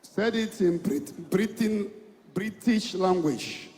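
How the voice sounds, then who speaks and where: A Nigerian evangelist with a high voice leads his congregation, coaxing people to stand and repeating his phrases. His voice rings with the long reverb of a big church hall. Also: slow, darkish tone. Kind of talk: sermon with congregation call-and-response.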